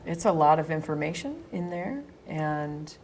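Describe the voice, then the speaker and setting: Slow, hesitant woman host. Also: low voice, animated, a little mellow, slight background noise. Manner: hesitant, many pauses and fillers. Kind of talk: interview.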